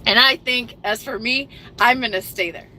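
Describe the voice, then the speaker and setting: A middle-aged woman with a fairly high, pushed and bright voice speaks at normal speed on a trucking livestream, reading viewer comments aloud in a casual, emphatic chat. She's emotional after crying. The recording is low quality, with a little hiss or hum.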